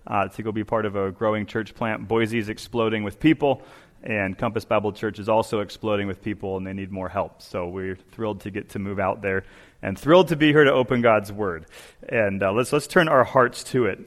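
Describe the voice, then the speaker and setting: A man delivering a sermon as a guest preacher, telling an animated story and acting out its voices. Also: fairly low pitch, brisk. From Southern California. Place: church sanctuary. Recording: long church hall reverb.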